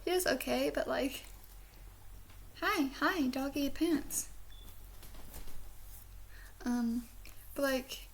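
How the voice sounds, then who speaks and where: A woman's voice: high voice, very slow, pauses often, a little hiss or hum. A woman from the southern United States with a speech impediment that she says sounds British, rambling casually through a review with lots of fillers and giggles. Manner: chatty and giggly, with many "like" fillers and soft whispered asides. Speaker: video reviewer.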